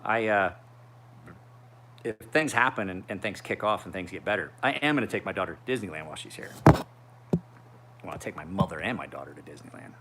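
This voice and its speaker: A man's voice: low voice, expressive, brisk, pauses often, noisy background. A man in his forties rambling through a casual livestream chat as a knife sharpener, with profane storytelling. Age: 40s. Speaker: knife sharpener streaming live.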